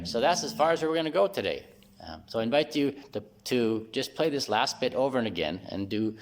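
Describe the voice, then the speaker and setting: A man giving a casual singing lesson, explaining step by step and often checking in with "right?" while playing a bass guitar. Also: very animated, brisk. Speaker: singing teacher.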